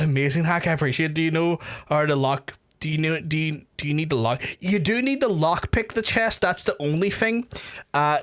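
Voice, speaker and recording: A young male streamer talks casually with his chat while he plays. His voice sits a little high, and it jumps up sharply whenever he gets excited. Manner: excitable and chatty, with big jumps in pitch. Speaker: gaming streamer.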